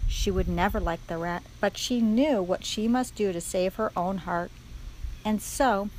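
A woman's voice: mid-range voice, a little hiss or hum, poor audio. A woman reading a children's storybook aloud expressively, speaking straight to the reader. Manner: expressive, addresses the reader directly.

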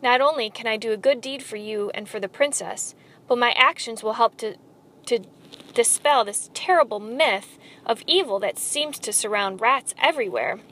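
A woman voicing a sly, smooth-talking male rat villain in a storybook reading, with a silky, theatrical delivery. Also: on the high side, normal speed, fairly bright tone, slight background noise, lightly acted. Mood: scheming. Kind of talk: storybook read-aloud.

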